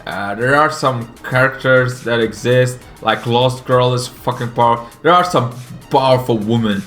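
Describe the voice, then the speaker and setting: A man's voice: mid-range voice, soft background music. A man from Belgium with a Flemish Dutch accent and Flemish Dutch as his first language. He gives casual, rambling commentary on comics, swearing freely and stumbling over fillers. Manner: profane, excitable, halting with many fillers.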